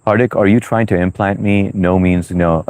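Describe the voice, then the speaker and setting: A man's voice: deep voice, measured pace, darkish tone. A man hosting a livestream in a loose, chatty way, reading viewer comments aloud with lots of "uh" and "you know". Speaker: livestream host.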